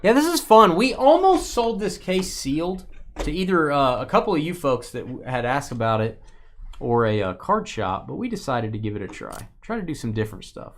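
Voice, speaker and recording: A man's voice: on the high side, big pitch swings, moderate pace. A man hosting a live card-breaking stream, chatting casually and joking with viewers as he opens packs.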